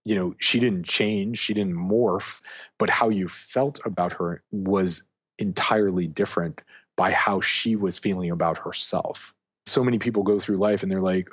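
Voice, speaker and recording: A man's voice: on the low side, fairly even intonation, moderate pace. A man guest on an interview, a coach speaking casually and emphatically with lots of fillers. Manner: emphatic, storytelling, heavy on fillers like "like". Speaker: guest, dating and sex coach.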